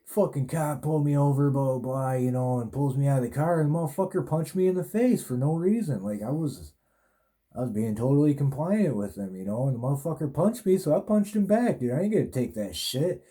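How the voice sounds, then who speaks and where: A man's voice: medium pitch, lively intonation, fairly quick, warm tone, voice pushed up, lightly acted. A man voicing a big male inmate who indignantly recounts his arrest.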